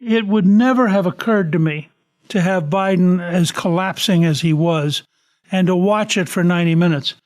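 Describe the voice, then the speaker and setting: A man hosting an interview podcast, speaking in a measured, deliberate way with personal asides. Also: sits high. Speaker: podcast host.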